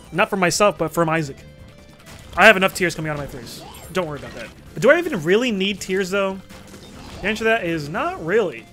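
A young man with a high, bright voice narrates his gameplay in a jokey, rambling way. He swears freely, jumps between mock threats and self-mockery, and bursts into sudden shouts. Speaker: gaming commentator. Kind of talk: let's play commentary.

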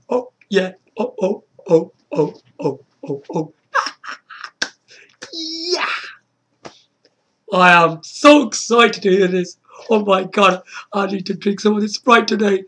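A man making an excited casual video, beatboxing between lines and breaking into high shouts. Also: takes it slowly, long pauses, a little hiss or hum. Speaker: YouTuber.

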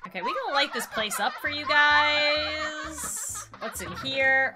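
A woman giving excitable let's play commentary, squealing and laughing often as she plays. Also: sits high, unhurried, loud music behind the voice. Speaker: gaming YouTuber.

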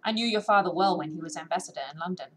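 A woman voicing a courtly, drawling prince from a classic storybook, speaking in a lowish, slightly darker register. He is gracious and teasing by turns, always formal. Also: rapid-fire, a little hiss or hum, natural voice, rough recording. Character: gracious, teasing adult male royal prince.

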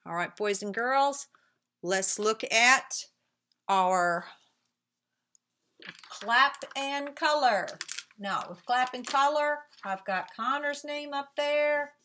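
A middle-aged woman teaching young children remotely, slow and sing-song, drawing out words as she claps syllables. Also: high-pitched, sharp tone.

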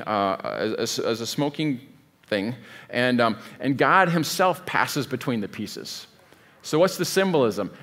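A man's voice: mid-range voice, fairly bright tone. A man preaching a sermon as pastor, in a conversational, digressive way, often stopping to rethink a sentence. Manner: conversational, digressive, thinks aloud mid-sentence.

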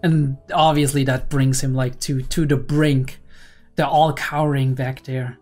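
A woman's voice: a bass voice, flat delivery, unhurried, darkish tone, faint music behind. A young woman and psychology student giving analytical anime reaction commentary, often checking in with "right?". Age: young adult.

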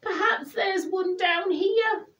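A woman's voice: very high voice, slow pace, a bit bright, pitched above the performer's own voice, exaggerated voice. A woman doing Hugless Douglas, a whiny bear cub. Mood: pleading. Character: young male bear cub, lonely and eager for hugs.

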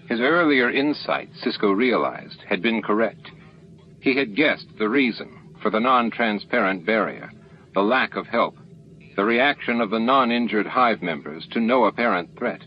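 A man reading an audiobook in a slow, expressive way, on a lo-fi recording with faint hiss. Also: fairly low pitch. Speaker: amateur audiobook reader. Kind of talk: audiobook narration.

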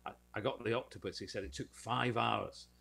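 A man's voice: fairly low pitch, fairly even intonation, a little fast, creaky, bright, forceful tone, breathy edge. A British man telling a showbiz anecdote in casual podcast chat, acting out the voices of people in his story. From United Kingdom.

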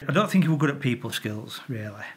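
A retired traffic officer with a Yorkshire accent, middle-aged, recounts tales to camera at a fast clip in a mid-range voice. He's loose and lively, swearing freely, doing sound effects, and often stumbling and going back over words.

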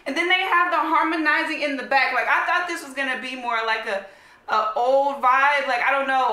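Bright, high American woman, excitable reaction host, echoey room, faint music behind. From United States. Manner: excitable, gushing, slangy. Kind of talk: casual reaction vlog chat. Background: faint music playing.

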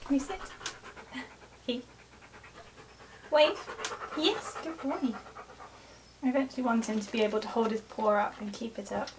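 In a casual how-to vlog, a dog trainer chats with the viewer while giving her dog short commands and cheerful praise. Her voice is on the high side, at a normal speed with frequent pauses. A distant mic picks up clear background noise.

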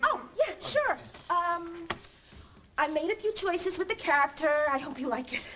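An actress playing a giggly, eager young actress at an audition in a sitcom. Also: female voice, very high voice, animated, a little slow, fairly bright tone, slight background noise, exaggerated voice. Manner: giggly, eager, over-the-top line reading. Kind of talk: sitcom acting.

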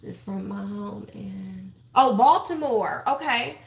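A woman's voice: medium pitch, lively intonation, measured pace, gravelly. A woman hosting a livestream, gossiping bluntly and profanely about online drama straight to her viewers. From Texas. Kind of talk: casual livestream commentary.

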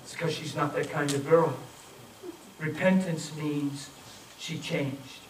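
Guy preaching in an echoey hall, mic kinda far off, voice a bit high, tells stories n acts out the voices. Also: steady tone, slow. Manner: storytelling, acts out quoted voices, urgent then soft pleading. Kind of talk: sermon with altar call. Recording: echoey, from far off, faint noise.

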